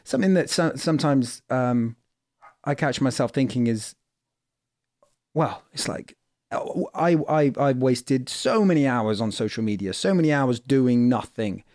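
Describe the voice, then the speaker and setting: A man in a casual podcast conversation, halting and repeating words as he thinks aloud. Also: medium pitch, animated, a little mellow, dry recording, clean studio sound. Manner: halting, repeats words, lots of listening murmurs.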